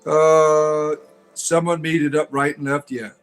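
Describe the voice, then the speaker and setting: A man's voice: a little high, level tone, unhurried, smooth, faint music behind. A man hosting a livestream, mocking and combative as he answers chat, often tagging his points with "right?". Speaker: livestream host.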